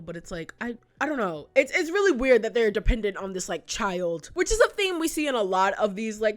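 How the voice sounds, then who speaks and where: Chatty young woman rambling about cartoons. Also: medium pitch. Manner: chatty, rambling, many "like" fillers, frequent laughs. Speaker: youtuber reviewing a cartoon. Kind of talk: casual retrospective commentary.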